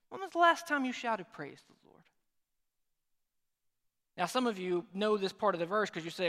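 A man's voice: high voice, fast, fairly bright tone. A man preaching a sermon as pastor, conversational and joking now and then. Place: large church sanctuary. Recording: reverberant hall.

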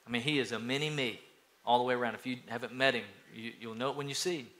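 A man's voice: mid-range voice, fast. A middle-aged man from East Tennessee preaching a sermon as pastor, telling family stories and acting out children's lines. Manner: storytelling, acts out children's voices, lively.

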